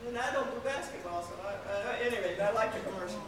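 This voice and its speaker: A woman's voice: mid-range voice, quick pace, crowd noise. An older woman from the American South, with a Southern accent, giving a meditation teaching to a group with playful, laughing asides. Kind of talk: dharma talk to a group. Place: meditation hall. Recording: echoey hall with faint room noise.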